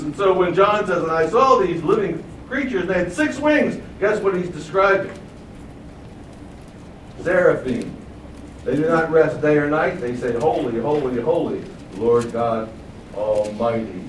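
A man preaching a sermon, asking rhetorical questions and booming out quoted acclamations. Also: animated, a little slow, a bit bright, echoey room, far from the mic, slight background noise, poor audio.

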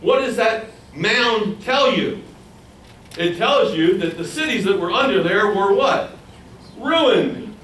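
This preacher has a high-pitched voice and a slow pace, and he animatedly quizzes his congregation while mimicking the voices of others. Captured from a distance in a roomy space, the audio carries faint ambience and a little hiss or hum.

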